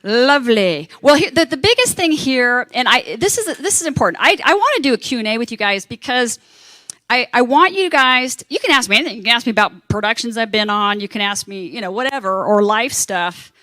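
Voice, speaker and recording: Animated woman telling a story. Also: a little high, a little fast, no echo, clean studio sound. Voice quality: animated, acts out quoted voices. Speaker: panel speaker. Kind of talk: convention panel storytelling. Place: convention panel room.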